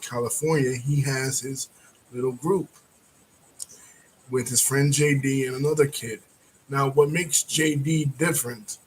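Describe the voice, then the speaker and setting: A man casually recapping a film's plot as a reviewer, rambling with frequent fillers and throat-clearing. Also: mid-range voice, a little hiss or hum, low-quality recording. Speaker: movie reviewer.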